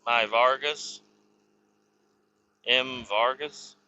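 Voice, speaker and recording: The vlogger's voice is mid-range, bright, forceful and clean, with fairly even intonation and drawn-out words, though the audio is dull. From inside his moving car he rambles casually through profanity-laden stories of his past, chuckling at times.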